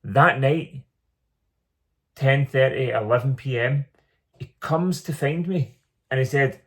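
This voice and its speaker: A man's voice: mid-range voice, takes it slowly. Earnest man telling his story. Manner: earnest, repeats phrases for emphasis. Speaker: small business owner telling his story. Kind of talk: reflective personal storytelling monologue.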